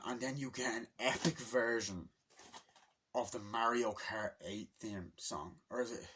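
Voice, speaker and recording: A young man rambling excitedly through a movie recap, swearing freely and acting out the lines. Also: mid-range voice, a little hiss or hum. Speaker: movie reviewer. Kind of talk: rambling casual movie review.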